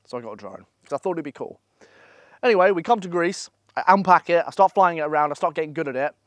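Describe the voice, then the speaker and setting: A young man gives blunt, profane, energetic motivational advice in a casual vlog, speaking at a holiday villa. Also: a little high, quick pace, no echo. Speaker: online business coach.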